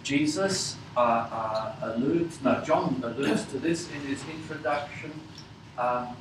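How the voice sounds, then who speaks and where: A man teaching a Bible class, asking his listeners questions and pausing often with fillers. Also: mid-range voice, roomy sound, distant mic, noisy background. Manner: slow, questioning, many fillers.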